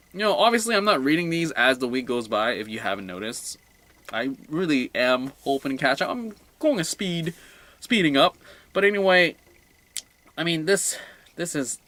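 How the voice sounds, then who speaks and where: A young man giving a casual solo comic book review, rambling and excitable, often trailing off quietly. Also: medium pitch.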